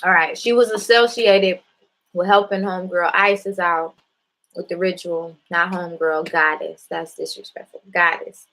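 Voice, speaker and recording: A woman's voice: on the low side, steady tone, moderate pace, a bit bright, poor audio. A woman hosting a casual spiritual talk, speaking bluntly and with profanity straight to her viewers. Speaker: spiritual live-stream host.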